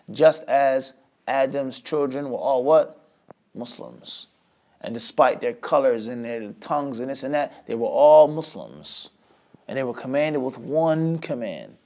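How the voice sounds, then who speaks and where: A man teaching an Islamic lesson, often asking a rhetorical question and answering it himself, with sudden swings between loud and quiet. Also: mid-range voice. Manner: lively, with many sudden rises and drops in loudness. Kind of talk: lecture class.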